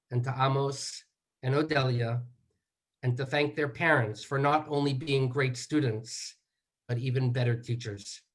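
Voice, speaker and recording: A man giving measured remarks as a son at a memorial, moving through slow, deliberate lists. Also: medium pitch, fairly bright tone. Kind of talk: eulogy remarks.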